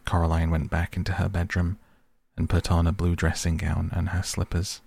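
A man reading a story aloud in a measured, storytelling manner. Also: sits low, completely flat delivery, creaky, a little mellow, breathy edge, no room sound. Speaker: narrator. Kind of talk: audiobook narration.

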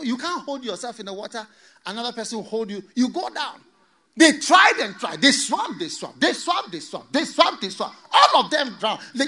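A high-voiced preacher, telling his sermon as a dramatic story with a lively, swooping delivery. His tone is bright and sharp, and he drops in playful asides.

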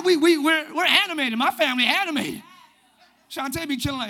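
A male pastor preaching a sermon in church, animated and often shouting, acting out little quoted voices along the way. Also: extremely high pitch, a little fast. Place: church sanctuary.

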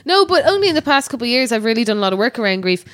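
A woman's voice: a little high, very animated, very fast, a bit bright. An Irish woman co-hosting a podcast, chatting candidly and telling a personal story, with casual swearing. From Ireland. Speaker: podcast co-host. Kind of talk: casual chat.

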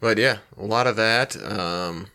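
A man co-hosting a casual comedy podcast, tired and hungover, giving low-key dry replies. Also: measured pace, pushed and bright. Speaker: podcast co-host.

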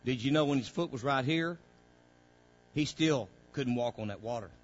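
Fervent preaching pastor, lo-fi sound. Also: male voice, mid-range voice, moderate pace. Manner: preaching with call-outs to the congregation, rising to loud fervor. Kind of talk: sermon.

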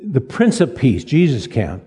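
An older man preaches in a folksy, halting way, restarting his phrases and joking at his own expense. His voice is mellow and a little husky, pitched somewhat high for a man. It rings out with a long reverb, as in a church sanctuary. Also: huge pitch swings. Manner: folksy, halting restarts, self-deprecating humor. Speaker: pastor. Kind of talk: sermon. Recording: reverberant hall.

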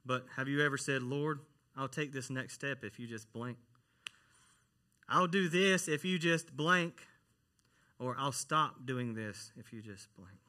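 A man's voice: mid-range voice, unhurried, pushed and bright. A man, a church worship minister, preaching a conversational sermon and often asking the congregation questions.

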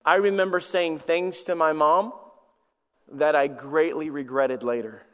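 A man's voice: on the high side, fairly even intonation, measured pace, long reverb tail. A man in his forties preaching a sermon as pastor, telling personal stories and often repeating words as he starts a sentence. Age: 40s. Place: church sanctuary.

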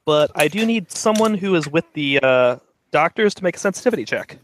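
A man running a tabletop game as game master, giving rulings and narration in a relaxed, matter-of-fact way. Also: a little high, a little fast, slight background noise.

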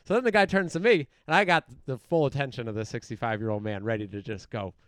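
A man's voice: mid-range voice, fast talker, smooth, no echo, studio quality. A man telling a story in a casual podcast chat, acting out the people in it. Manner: animated, acts out the people in his story. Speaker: podcast host.

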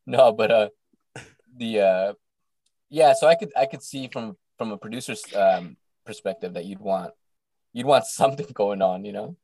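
A man co-hosting a casual podcast, rambling and often clearing his throat. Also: lowish voice, moderate pace, a little mellow. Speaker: podcast co-host. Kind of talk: casual chat.

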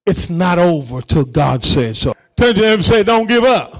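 A man preaching as a pastor, calling out to his congregation and swinging between shouted lines and quiet asides. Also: a little high, very animated, normal speed, gravelly. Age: adult, married parent. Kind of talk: sermon.

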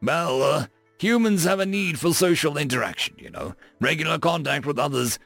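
A man's voice: fairly high pitch, lively intonation, moderate pace, creaky, fairly bright tone, dry recording, soft background music, voice pushed up, exaggerated voice. A man voicing an easygoing human crewman who talks casually and swears lightly. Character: easygoing young adult human spacer man, crude-mouthed.

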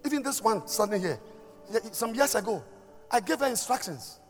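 A man's voice: sits high, very animated, normal speed. Emphatic stammering male pastor preaching. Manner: emphatic, stammering, swings from loud to soft. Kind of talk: sermon. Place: church hall. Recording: reverberant church hall with music.

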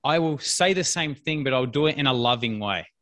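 A man's voice: mid-range voice, lively intonation, fairly quick, a bit bright. A man, a business coach, talking bluntly and emphatically in a casual interview, repeating his key points.

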